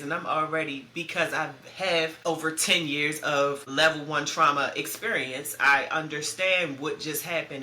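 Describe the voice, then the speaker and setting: With a deep, sharp-toned voice, a thirtysomething woman podcast host shares a painful story from her own life, raw, blunt, and full of profanity. There's a roomy echo and a faint hum of background noise.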